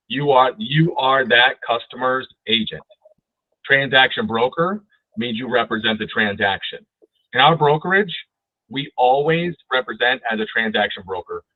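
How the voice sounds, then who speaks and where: A man's voice: medium pitch, no echo. A man teaching real estate agents in a training webinar over a video call, talking emphatically and often asking "right?". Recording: tinny phone-like dry audio.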